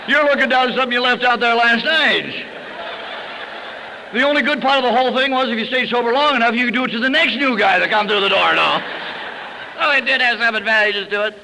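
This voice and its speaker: A middle-aged man speaking at a recovery meeting, telling stories in a folksy way, chuckling, and dropping low and soft for sad memories. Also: slight background noise. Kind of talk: recovery talk to an audience. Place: conference hall. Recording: old 1971 tape in a hall.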